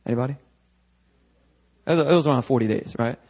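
A man preaching a sermon at a church service, lively and conversational, acting out the voices of biblical figures as he goes. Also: medium pitch, quick pace, slightly rough, poor audio. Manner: animated, acts out voices of biblical figures, talks to the congregation. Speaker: pastor.

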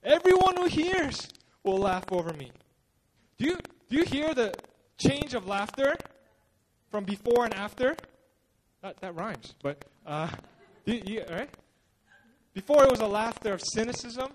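A male pastor preaching a sermon at a church service in a casual, animated way, often repeating his words and joking at his own expense. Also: high voice, unhurried, a little hiss or hum.

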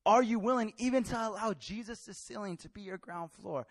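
A man preaching a sermon in a lively, colloquial way, acting out scenes with slangy voices. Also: sits high, a little fast, dry recording. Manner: animated, colloquial, acts out Bible characters in street slang.

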